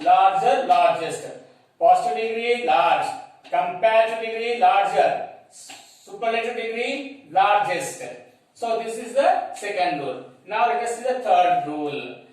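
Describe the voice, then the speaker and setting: Telugu-accented male teacher, high voice, unhurried, spells words out, distant in a hollow echoing room. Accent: Telugu-accented English. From India. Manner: slow, repetitive, spells words letter by letter, checks in with "clear, children?". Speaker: English teacher. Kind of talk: classroom grammar lesson. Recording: echoey room, distant mic.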